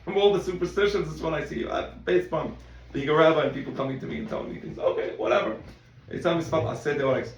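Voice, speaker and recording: Gravelly-voiced male rabbi teaching in an echoey room. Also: on the high side, quick pace, a little hiss or hum. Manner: conversational, repeats words, quotes in animated voices. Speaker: rabbi teaching a Talmud class. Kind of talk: casual Talmud lesson.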